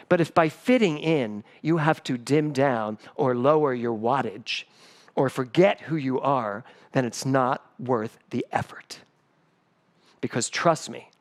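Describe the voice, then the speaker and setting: A middle-aged man, the spiritual director of a church, giving a sermon full of personal stories and acting out the voices of people in them. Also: medium pitch. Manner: animated, acts out voices in stories. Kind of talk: storytelling sermon. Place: church sanctuary, livestreamed service.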